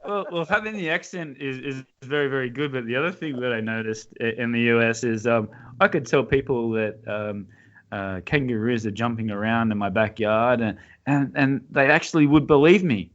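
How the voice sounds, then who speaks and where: A man's voice: mid-range voice, normal speed, fairly bright tone, highs cut off. A man from Australia with an Australian accent, hosting a casual podcast interview and laughing often. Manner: laughs often, easygoing, chatty. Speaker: podcast host.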